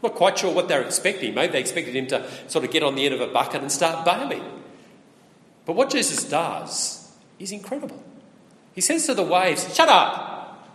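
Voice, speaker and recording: A male preacher gives a sermon in a conversational manner and keeps asking the congregation rhetorical questions. His voice sits a little high and moves around a lot. He is heard in an echoey hall with a long reverb tail. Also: big pitch swings, fairly quick, fairly bright tone.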